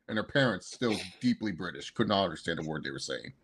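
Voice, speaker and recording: A man's voice: low-pitched, lively intonation, fast, a bit bright, slight background noise. A man co-hosting a casual wrestling review, rambling and laughing as he acts out quotes. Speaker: co-host.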